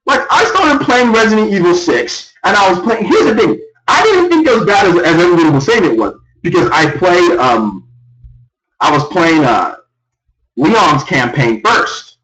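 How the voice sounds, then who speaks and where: Young man ranting loudly on a live stream. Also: very animated, normal speed. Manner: loud, exasperated ranting with big pitch swings. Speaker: gaming streamer. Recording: echoey room, far from the mic.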